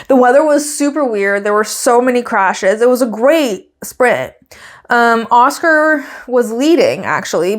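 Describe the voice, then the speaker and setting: A woman with a fairly high voice hosts a casual solo podcast. She chats and giggles through her recap and acts out other people's quotes in raised, lively voices. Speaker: podcast host.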